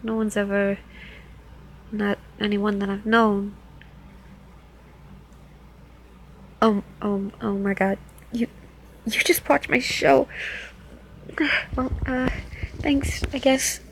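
A woman's voice: medium pitch, steady tone, slow, long pauses, slight background noise, poor audio. A woman playing a teasing New Jersey club dancer. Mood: startled, awkward. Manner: playful, teasing, coaxing. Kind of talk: first-person audio role-play.

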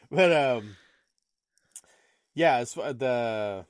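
A man's voice: mid-range voice, no room sound. A young man hosting a casual podcast chat, joking, laughing often and restarting his sentences. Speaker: podcast co-host.

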